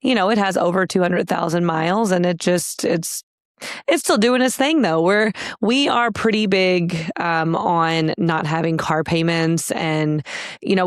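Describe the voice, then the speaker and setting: A woman's voice: fairly low pitch, dry recording, clean studio sound. A woman in her thirties co-hosting a podcast in casual, rambling chat, laughing often and leaning on "like" and "you know". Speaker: podcast co-host.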